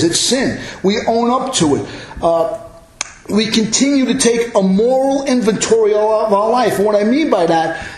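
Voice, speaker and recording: A male pastor preaching a sermon, emphatic and building to loud exclamations. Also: high-pitched, echoey room, rough recording.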